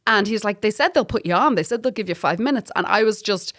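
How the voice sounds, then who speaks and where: A woman with an Irish accent, a comedian guest in a casual chat, telling lively stories, swearing freely and laughing often. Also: medium pitch, quick pace. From Ireland.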